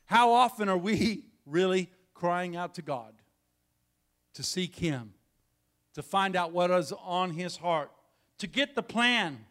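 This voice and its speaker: A man preaching a sermon as pastor, swinging between quiet, intimate passages and loud, emphatic ones, repeating key phrases. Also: sits high, animated, takes it slowly.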